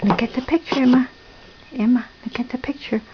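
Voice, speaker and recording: A mother coaching her small daughter through a puzzle at home, with slow, sing-song praise that drops to whispers. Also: on the high side, steady tone. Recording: dull lo-fi home video with faint noise.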